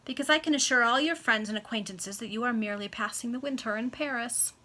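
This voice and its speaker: A woman's voice: a little high, quick pace, pushed and bright. A woman reading as a scornful, sarcastic lady. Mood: mocking. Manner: cool, mocking. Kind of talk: amateur read-aloud of a classic novel.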